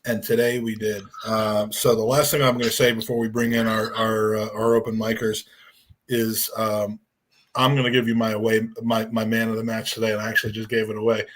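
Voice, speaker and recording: A man's voice: lowish voice, little pitch movement, brisk, a bit bright. A man hosting a football fan call-in show, talking in a loose, rambling, sweary way. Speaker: podcast host. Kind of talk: casual fan show talk.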